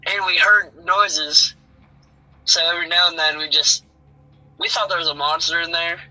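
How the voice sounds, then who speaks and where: A man's voice: on the high side, little pitch movement, moderate pace, pushed and bright, soft background music, rough recording. A man speaking as a guest on a casual podcast, hesitant and laughing often. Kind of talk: casual chat.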